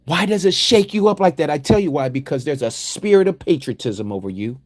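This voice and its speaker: A fired-up American man preaches through a Bible study, slowing down to linger on words and then rising into loud, forceful exhortation. He fills it with rhetorical questions and casual asides, and his voice sits on the higher side. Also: expressive. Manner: emphatic preaching that swings from low, slow reading to loud, fired-up exhortation. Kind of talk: livestreamed sermon-style Bible teaching.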